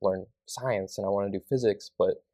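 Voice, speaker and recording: Earnest young man, lower voice. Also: steady tone, moderate pace, dark tone, dry recording. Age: young adult. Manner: earnest, with lots of "like" fillers. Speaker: podcast guest. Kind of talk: casual interview answers.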